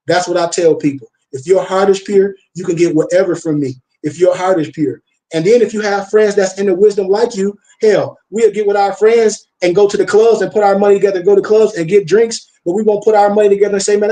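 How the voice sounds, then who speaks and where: A man who is a minister and teacher, talking casually and preachily about wisdom and honesty. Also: high voice. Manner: preachy and animated, with repeated chanted blessings. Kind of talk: casual spiritual talk.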